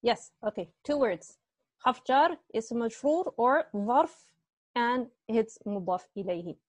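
A woman's voice: on the high side, expressive, takes it slowly, no echo. A woman teaching Arabic grammar to students online, explaining patiently step by step and asking them questions, speaking through earbuds on a video call.

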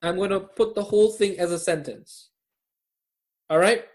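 A man's voice: sits high, moderate pace, a little mellow. A man teaching a live online grammar class over a video call, quizzing his students and laughing at his own jokes.

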